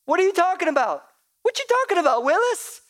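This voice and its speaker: A man's voice: very high voice, sing-song, brisk, fairly bright tone, voice pushed up, heavily acted. A man voicing a confused, doubting disciple in a pleading, strained, raised voice. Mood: baffled.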